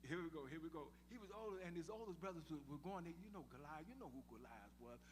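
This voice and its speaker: Delivering a call-and-response sermon, this pastor performs a Bible story with acted voices and urges his congregation to answer. He talks fast in a slightly high, lively voice. The live recording from the sanctuary has long reverb and faint background noise.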